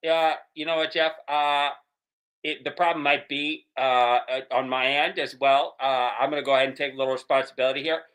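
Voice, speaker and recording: A man's voice: on the high side, steady tone, fairly quick, fairly bright tone, smooth, close to an everyday voice. A man voicing an apologetic mission-control officer in an improvised comedy scene, hesitating often. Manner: hesitant, many "uh" fillers.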